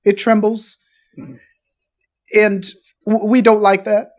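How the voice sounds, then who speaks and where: A man co-hosting a comedy podcast, rambling and halting through improvised bits with profanity and constant restarts. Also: sits high, flat delivery. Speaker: podcast co-host.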